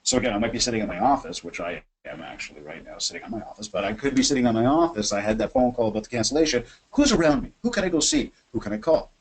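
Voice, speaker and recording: A man hosting a webinar from his office, coaching sales in an energetic, chatty way and acting out phone calls. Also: medium pitch, very fast, creaky, hardly any pauses, low-quality recording. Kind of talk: animated software demo and sales coaching.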